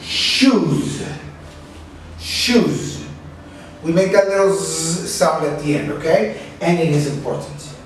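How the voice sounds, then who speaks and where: A man teaching a pronunciation lesson, speaking slowly and carefully and repeating each word for practice. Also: fairly high pitch, fairly even intonation, darkish tone, a little hiss or hum. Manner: slow, careful, repeats words for drilling. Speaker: English teacher. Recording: echoey room, mic at a distance.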